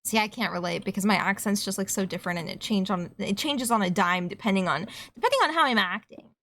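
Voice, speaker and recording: A young adult woman with a Canadian accent talking through a game stream. She rambles from one aside to the next, swears offhandedly, and her voice sits at an ordinary middle pitch. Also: fairly quick, fairly bright tone. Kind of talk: casual streaming chat while gaming.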